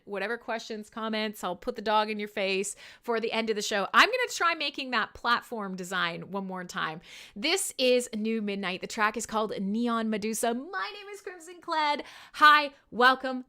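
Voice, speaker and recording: This is a woman hosting her own music livestream from a home setup. Her voice is bright, sitting a little high, and she chats loosely with viewers in a rambling, self-deprecating way. She swears casually and laughs often. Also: smooth. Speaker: livestream radio host.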